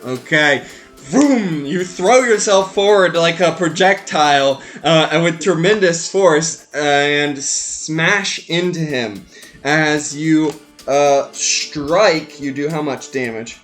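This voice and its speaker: A man narrating as game master in a tabletop game, animated and stumbling over his words. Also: fairly high pitch, slow pace, faint music behind. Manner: animated narration with many fillers and restarts.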